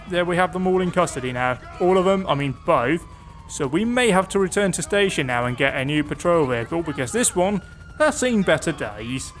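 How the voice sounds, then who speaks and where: A young man giving chatty, sarcastic commentary over his own police-driving gameplay, with sudden excited outbursts. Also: a little high, a little hiss or hum. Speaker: gaming YouTuber.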